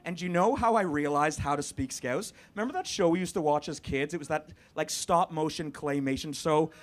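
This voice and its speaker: A man from Canada doing animated, sweary stand-up comedy in a club. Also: on the high side, a little fast. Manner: animated, swearing, laughing with the crowd. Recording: live club recording with background noise.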